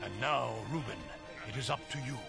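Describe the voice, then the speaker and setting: An actor playing a stern, zealous man who commands a mob to stone a prisoner, with a gravelly, commanding voice. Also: mid-range voice, brisk. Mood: menacing. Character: stern zealous male persecutor leading a stoning. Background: music.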